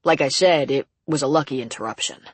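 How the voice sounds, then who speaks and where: Relaxed, modest male prison guard, voiced by a husky-toned woman, close and dry. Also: very deep voice, a little fast, no echo. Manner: relaxed, self-effacing.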